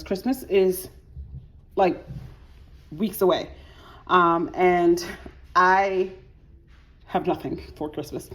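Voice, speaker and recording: A woman's voice: fairly low pitch, a little mellow. A woman chatting casually through her budget at home, a bit wheezy, peppering her talk with "like" and restarting sentences. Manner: chatty, frequent filler "like", self-correcting restarts. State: slightly wheezy. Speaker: budgeting vlogger.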